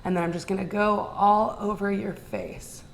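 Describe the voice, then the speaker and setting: A woman's voice: medium pitch, moderate pace, slight background noise. A woman teaching artist who explains a technique patiently, one step at a time. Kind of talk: instructional explaining.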